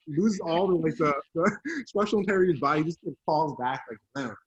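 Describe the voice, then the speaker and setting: A man's voice: a little high, fast, husky, dull audio. A young man co-hosting a podcast, rambling and exaggerating in casual chat. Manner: rambling, hyperbolic, full of fillers and restarts. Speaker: podcast co-host.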